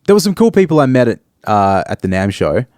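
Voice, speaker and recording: A man in his thirties with an Australian accent, co-hosting a casual podcast chat in a reserved, halting way with many ums. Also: medium pitch, very animated, a little mellow, dry recording, clean studio sound. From Perth, Australia. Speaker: podcast co-host.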